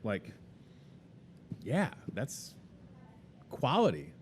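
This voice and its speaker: Speaking very slowly with huge swings in his medium-pitched voice, a young Midwestern American man runs a casual store promo. His live talk is chatty and upbeat, laced with joking sales patter, and there's slight background noise.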